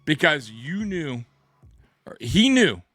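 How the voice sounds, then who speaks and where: A man's voice: fairly high pitch, big pitch swings, slow pace, fairly bright tone, dry recording. A man hosting a sports talk show, ranting in a heated, profane way and often restarting his sentences. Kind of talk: sports commentary rant.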